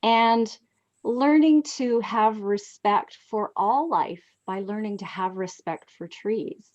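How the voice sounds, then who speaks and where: A woman in her sixties telling heartfelt personal stories as a guest, reflective and expressive, on a dull lo-fi recording. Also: slow. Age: 60s. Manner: heartfelt, reflective, lively swings in pitch. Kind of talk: personal storytelling.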